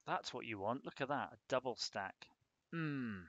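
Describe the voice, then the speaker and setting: A man's voice: mid-range voice, animated, normal speed, a bit bright, no room sound. A man on a casual live stream, rambling and joking while he thinks aloud about a hardware design.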